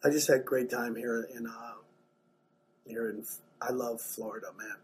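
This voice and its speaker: A man doing stand-up, telling a profane story in an animated way, dropping to mumbled asides and jumping to loud bursts. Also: medium pitch, moderate pace, a little hiss or hum. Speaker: stand-up comedian.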